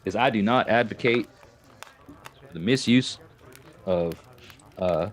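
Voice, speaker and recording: A man's voice: lowish voice, takes it slowly, slight background noise. A man chatting casually and goofily while streaming a game. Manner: rambling, joking, goofy. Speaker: live-stream gamer. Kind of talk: casual live-stream chat.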